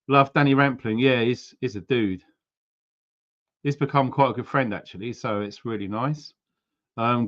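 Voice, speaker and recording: A man's voice: mid-range voice, dull audio. Chatty man hosting a livestream. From United Kingdom. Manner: chatty, reads viewer names and places aloud, frequent ums. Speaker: livestream host. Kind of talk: casual livestream chat.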